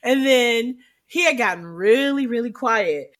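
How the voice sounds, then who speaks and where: A woman's voice: a little high, lively intonation, a little slow, fairly bright tone. A woman co-hosting a casual chat, telling funny stories and laughing often. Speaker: podcast co-host.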